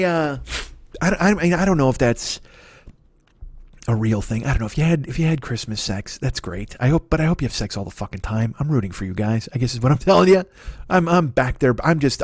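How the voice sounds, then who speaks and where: A man's voice: mid-range voice, darkish tone, no echo, studio quality. A man hosting his own comedy podcast, riffing in a rambling, profane monologue that keeps correcting itself. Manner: profane, digressive, self-correcting.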